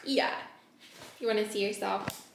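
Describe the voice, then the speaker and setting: A woman's voice: medium pitch, steady tone, a little slow. A woman filming a family vlog at home, talking with her toddlers in a sing-song, cooing voice. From Southern California. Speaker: mother and family vlogger. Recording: echoey room with clear background noise.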